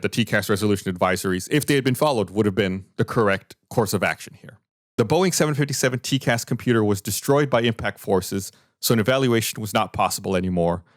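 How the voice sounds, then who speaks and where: A man with a somewhat low voice talks through events on a podcast. He explains and reads report findings in a loose, conversational way. The sound is dry and close, with no room around it. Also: no room sound. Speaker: podcast host. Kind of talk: casual podcast discussion.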